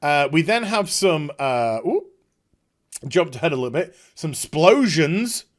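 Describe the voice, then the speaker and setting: A man's voice: fairly high pitch, big pitch swings, measured pace. A middle-aged man giving casual, sarcastic commentary on a trailer, with chuckling asides. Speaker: YouTube commentator.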